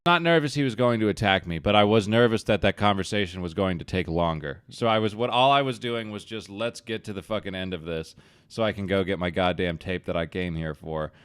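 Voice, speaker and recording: Low, smooth-voiced man telling a story. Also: fairly quick, fairly bright tone, no room sound. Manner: profane, self-mocking storytelling. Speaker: podcast host. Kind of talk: casual chat.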